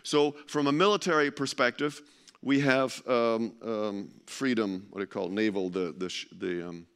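A man's voice: fairly low pitch, normal speed, a bit bright, clean tone. A man giving an informal presentation to a live audience, chatty and joking, often stumbling and restarting as he searches for words.

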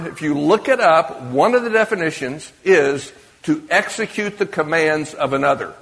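With a slightly high, fairly bright voice, a preacher speaks to his congregation in a conversational manner, regularly posing questions to the audience. Long reverb from a large church or meeting hall fills the recording.

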